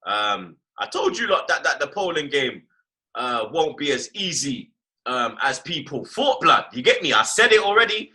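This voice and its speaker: A man's voice: medium pitch, normal speed. A man hosting a casual football chat, full of slang and repeated tag phrases. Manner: animated slangy talk, repeats "blood" and "you get me". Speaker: host.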